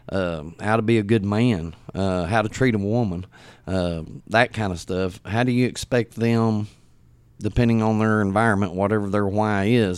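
Earnest, smooth-voiced man lecturing. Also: fairly low pitch, no echo. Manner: earnest, preachy about character and discipline. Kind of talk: casual chat.

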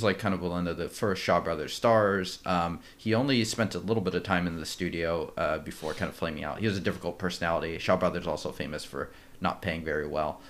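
Deep-voiced man chatting about films. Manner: relaxed, measured, with frequent fillers. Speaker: podcast co-host. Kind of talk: casual film discussion.

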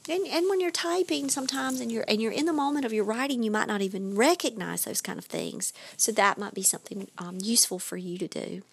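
A woman hosts a podcast of writing advice, chatty and emphatic, dropping in quick asides as she goes. Her voice sits at an ordinary middle pitch, and the recording is dry and close with no room sound. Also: vocal fry, fairly bright tone, dry recording. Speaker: podcast host and writing coach.

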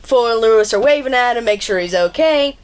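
A podcast co-host, a woman, walks through a movie's plot in a loose, chatty way. Her voice sits a touch high, and she jumps between scenes with casual swearing. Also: fast, smooth. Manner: animated, swearing, laughing retelling. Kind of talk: casual movie recap chat.

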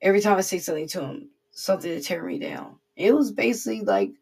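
Lady preacher, gravelly kinda rough voice, earnest, says things twice. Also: medium pitch, sing-song, quick pace, darkish tone. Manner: earnest, repetitive, conversational. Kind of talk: informal devotional sermon.

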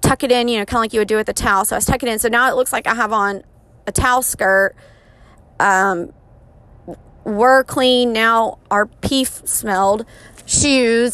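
A woman in her thirties telling an embarrassing story in a casual, chatty way, often poking fun at herself. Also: on the high side. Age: 30s. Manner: chatty, self-mocking, animated retelling.

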